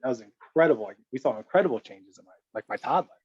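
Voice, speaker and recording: A man hosting a podcast, responding in an affirming, animated way. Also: mid-range voice, fast talker, slightly rough, dull audio. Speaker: podcast host. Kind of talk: casual podcast conversation.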